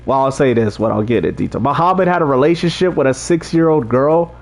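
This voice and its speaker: A man with a medium-pitched, lively voice speaks fairly quickly while hosting a casual livestream. He reads and talks directly to his chat, preaching about faith and often repeating himself.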